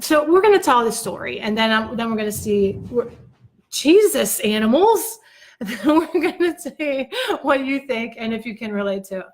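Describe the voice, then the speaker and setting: A woman's voice: on the high side, animated, normal speed. A woman chatting on a live stream from home, telling a story in a chatty, self-mocking way. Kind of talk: casual live-stream chat.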